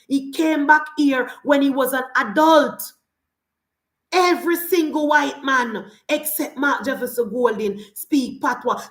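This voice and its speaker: A woman's voice: sits high, echoey room. A Jamaican woman giving an emphatic political rant in patois-laced speech, repeating rhetorical refrains. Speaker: political commentator.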